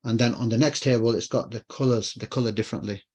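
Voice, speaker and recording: A man's voice: medium pitch, fairly even intonation, fast, a little mellow, husky. A man teaching an online Arabic class, explaining patiently and repeating key phrases. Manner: explains patiently, repeats phrases, asks and answers his own questions.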